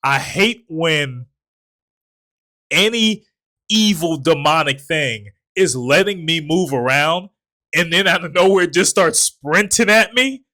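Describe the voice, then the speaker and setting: Slow, bright-voiced young man. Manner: animated retelling, puts on low voices for quotes, swears often. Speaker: podcast co-host. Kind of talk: casual movie review chat.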